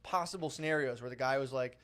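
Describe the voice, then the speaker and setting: A man co-hosting a casual podcast, telling a story quickly and acting out the quotes. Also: medium pitch. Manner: fast, animated storytelling with mimicked quotes. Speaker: podcast co-host.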